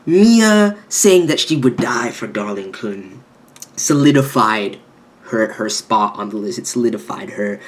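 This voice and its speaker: A man reviewing an anime episode with hyped, animated energy, swearing freely and jumping into exaggerated quoted reactions. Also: fairly low pitch, unhurried. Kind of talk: excited video review commentary.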